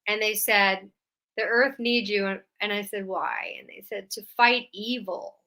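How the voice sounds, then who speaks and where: Woman from Louisiana, radio guest, bright tone, rambling delivery full of fillers. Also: mid-range voice, fairly even intonation, measured pace. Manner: rambling, with many fillers and restarts. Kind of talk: casual storytelling interview.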